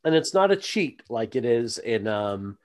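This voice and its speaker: A man's voice: mid-range voice, very animated, a little slow. A man hosting a podcast, chatting casually with many fillers and asides. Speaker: podcast host. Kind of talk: casual chat.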